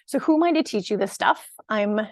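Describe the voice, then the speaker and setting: A woman in her forties talks to camera as a fitness and nutrition coach, earnest and emphatic. She often restarts mid-sentence as she goes. Her voice sits at an everyday middle pitch and sounds close and dry, with no room echo. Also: expressive, a little fast. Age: 40s. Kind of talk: casual direct-to-camera monologue.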